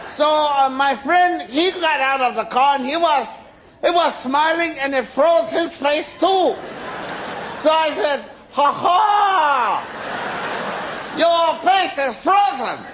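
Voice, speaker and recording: High-voiced American comedian on a live stage. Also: male voice. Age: 40s. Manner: drawn-out, animated storytelling with shouted punchlines. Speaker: stand-up comedian. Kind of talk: stand-up storytelling. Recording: live stand-up with loud audience laughter and noise.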